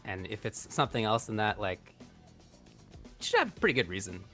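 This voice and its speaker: A male commentator on a fighting game stream with a bright, forward voice. He talks in a loose, joking way between matches. Faint music sits underneath. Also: fairly low pitch, big pitch swings, fairly quick. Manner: joking, chatty, drives donation segments. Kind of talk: esports commentary.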